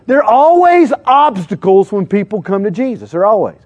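A man preaching a lively youth sermon, slangy and full of questions to his listeners. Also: high voice, a little fast, no echo, lo-fi sound. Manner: acts out crowd voices, slangy, calls out questions to listeners. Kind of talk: animated sermon.

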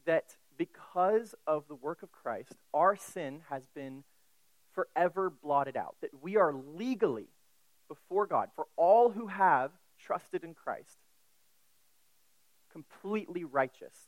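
A man preaching an expository sermon, emphatic and deliberate, with casual asides and quick self-corrections. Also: fairly high pitch, animated, dry recording, poor audio. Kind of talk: sermon, expository Bible teaching.

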